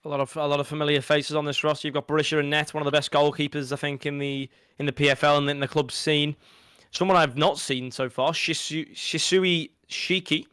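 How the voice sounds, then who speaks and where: Bright, crisp-voiced young Scouse man. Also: on the high side, fast talker, no echo. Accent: Liverpool. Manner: rambling, excitable, restarts often. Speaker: co-commentator. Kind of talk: esports pre-match analysis.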